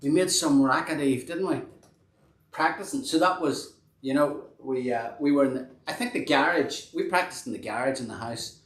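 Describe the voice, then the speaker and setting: A man's voice: medium pitch, normal speed, a bit bright. A man hosting a casual live-stream chat, rambling and self-deprecating with many restarts. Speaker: host and band member. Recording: echoey room.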